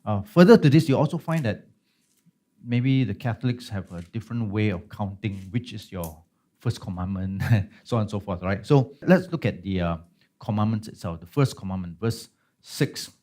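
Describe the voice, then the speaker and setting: A man's voice: on the low side, normal speed, dark tone. Conversational man teaching a Bible study. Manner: conversational, checks in with listeners with frequent tag questions.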